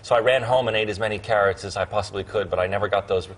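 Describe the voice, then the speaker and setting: A man in his thirties chatting as a guest in a TV studio, with lots of restarts and quick laughs. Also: fairly low pitch, fairly even intonation, a little hiss or hum. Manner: halting, many restarts, laughs easily. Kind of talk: chatty TV interview. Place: TV studio sofa.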